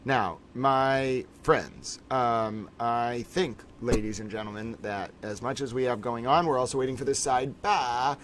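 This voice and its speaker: A man's voice: mid-range voice, measured pace, few pauses, a little hiss or hum. A man hosting a casual livestream, chatting playfully and theatrically with his viewers. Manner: playful, theatrical, repeatedly addresses viewers as ladies and gentlemen. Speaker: livestream host.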